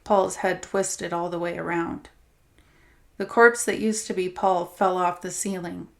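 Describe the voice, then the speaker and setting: A woman narrator reading a horror anthology story with steady, dramatic storytelling. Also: lowish voice, unhurried, creaky.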